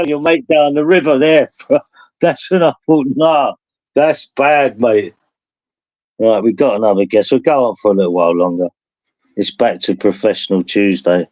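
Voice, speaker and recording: A man's voice: mid-range voice, moderate pace, darkish tone, highs cut off. A man who hosts a live stream, chatting casually and telling rambling stories that he laughs through. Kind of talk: casual chat.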